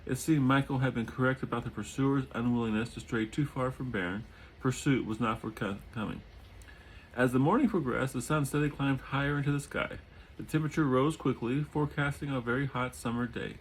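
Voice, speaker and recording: A man reading a chapter of his own novel aloud at home, adding relaxed asides and often repeating or correcting words. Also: mid-range voice, a little fast, a little hiss or hum, rough recording. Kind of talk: audiobook reading with casual asides. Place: home during a thunderstorm.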